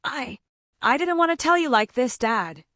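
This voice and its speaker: A woman's voice: high-pitched, animated, normal speed, fairly bright tone, no echo, clean studio sound. Woman reading as a scheming, desperate young husband. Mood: fake compassion. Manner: snapping, strained whispers.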